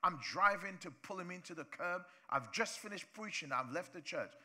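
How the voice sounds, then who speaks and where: Male pastor, lively sermon, bright sharp tone, wide swinging pitch. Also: normal speed. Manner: animated preacher, acts out voices of the congregation. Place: church.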